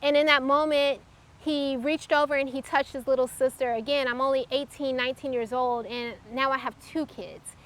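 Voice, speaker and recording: A woman telling a personal faith testimony in an earnest, reflective way, pausing often as she recalls events. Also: high-pitched, fairly even intonation. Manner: earnest, halting, reflective storytelling. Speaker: testimony speaker.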